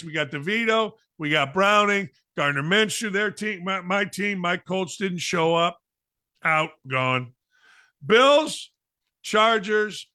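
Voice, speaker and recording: Man, sports talk host, opinionated monologue, emphatic and repetitive, forceful voice, dry close sound. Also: on the high side, dry recording. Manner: emphatic and repetitive, mocking asides.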